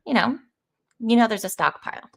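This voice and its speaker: A woman's voice: a little high, animated, brisk, gravelly. A woman voicing her own half-demon adventurer in a tabletop-style text game, using her everyday voice. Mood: questioning. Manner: plain questioning read, no put-on voice.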